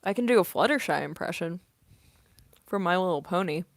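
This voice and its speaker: A young woman and voice actress chatting in a quiet, soft-spoken late-night Q&A at home, laughing often. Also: on the low side, lively intonation, a little fast, gravelly. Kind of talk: casual late-night Q&A chat.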